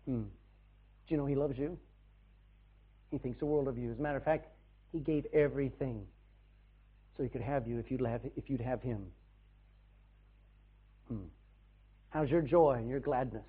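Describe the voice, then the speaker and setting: A man preaching a sermon to his church in a folksy way, swinging between loud bursts and soft asides. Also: mid-range voice, moderate pace, long pauses, husky. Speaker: pastor. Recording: tinny, phone-like band.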